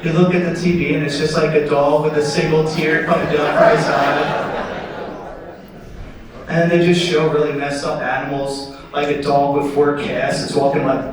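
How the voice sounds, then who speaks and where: A young man works a theatre crowd with rambling, self-deprecating stand-up. His voice sits high for a man. It is picked up from far off in a very echoey hall with an audience audible. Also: little pitch movement, moderate pace. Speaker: stand-up comedian. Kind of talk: stand-up comedy. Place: theatre stage before a live audience.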